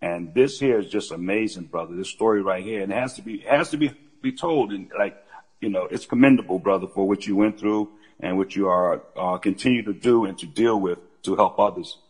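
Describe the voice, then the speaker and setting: A male podcast co-host with a fairly low, husky voice keeps reacting with "wow" and praise. He speaks casually and supportively to the guest. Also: brisk, poor audio. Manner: encouraging, frequent "wow" interjections. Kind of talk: casual chat.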